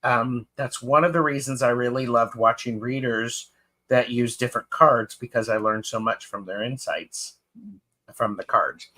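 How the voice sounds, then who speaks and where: A man's voice: mid-range voice, steady tone, moderate pace, sharp tone. A man co-hosting a live tarot show, chatting casually and reading out viewer comments. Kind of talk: casual chat on a live stream.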